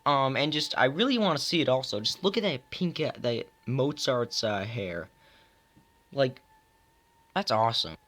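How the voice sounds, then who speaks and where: A man's voice: medium pitch, lively intonation, a little slow, a bit bright. A young man casually reviewing films, rambling with many fillers and self-mocking asides. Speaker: movie reviewer.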